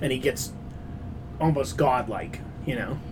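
A man co-hosting a pop culture podcast, talking in an opinionated, animated way and swearing casually. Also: mid-range voice, measured pace, a crowd in the background. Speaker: podcast co-host.

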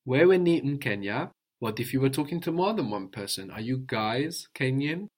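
A man teaching a language lesson, patiently drilling words, repeating a learner's answers slowly and praising them. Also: mid-range voice, very animated.

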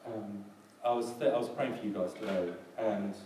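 Man, pastor, halting sermon full of ums, distant mic, very echoey hall, noisy background. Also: lowish voice, fairly even intonation. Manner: hesitant, many ums and restarts. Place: church hall.

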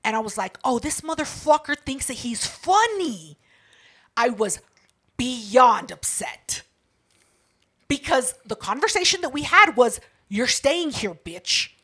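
A young woman co-hosting a casual podcast, her voice sitting a little high. She retells a fight with blunt, profane, dramatic energy. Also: big pitch swings, takes it slowly, a bit bright, breathy edge. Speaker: podcast co-host. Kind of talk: casual chat.

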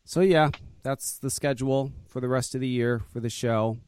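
A blunt, foul-mouthed man hosts a podcast in casual chat and slides easily into rants. His voice sits at an ordinary pitch. The sound is dry and close, with no room around it. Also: steady tone, moderate pace, a little mellow, clean tone, no room sound. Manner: blunt, profane and grumbling, with frequent ranting. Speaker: podcast host and vape shop owner.

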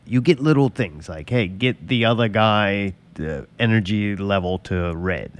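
A man co-hosting a casual chat, telling a story in a profane, animated way. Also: lowish voice, measured pace.

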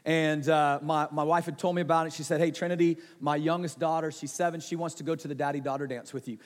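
A high-voiced man delivers a sermon, sometimes loud and emphatic, sometimes dropping to a soft, intimate storytelling tone. His voice rings out with a long reverb, as in a large hall. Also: fairly even intonation, quick pace. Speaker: pastor.

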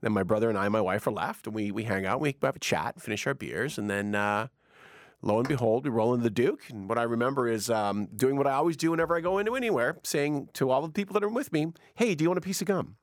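A man's voice: quick pace, no room sound, clean studio sound. A man hosting a casual radio-station chat, telling a story with lots of energy and acting out the quotes. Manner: animated, acts out quotes with big pitch jumps. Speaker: radio host.

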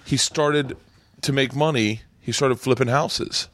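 A man's voice: mid-range voice, fairly even intonation, measured pace, a bit bright. A middle-aged man hosting a podcast, telling stories in a rambling, profane, casual way. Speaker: podcast host. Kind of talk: casual chat. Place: home podcast room.

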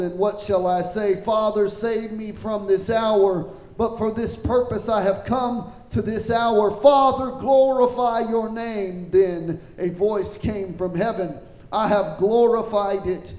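A man preaches a sermon, reading scripture aloud and pausing to ask his listeners if they understand. He is animated, his pitch climbing when he quotes scripture, and he puts questions to the congregation. The recording is rough with a roomy sound.

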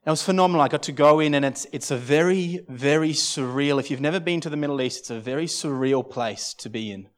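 A man preaching a sermon at a church service, telling a personal story in an earnest, halting way with many restarts. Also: fairly high pitch. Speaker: pastor.

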